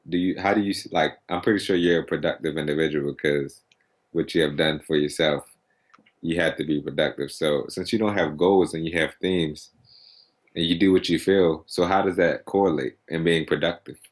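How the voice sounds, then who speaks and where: A man interviewing his guest, mostly agreeing briefly and asking halting questions. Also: low-pitched, steady tone.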